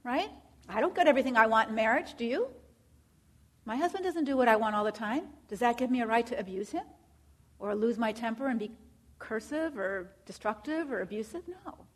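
A counseling instructor with a slightly high voice speaks briskly to her students. She poses lots of rhetorical questions and plays the part of clients.

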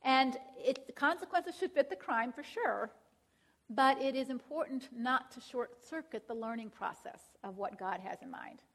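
A woman's voice: sits high, lively intonation, moderate pace, a bit bright. A woman teaching a Christian counseling class in a conversational way, often checking in with the audience and quoting scripture aloud. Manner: conversational, checks in with "all right?" and "right?".

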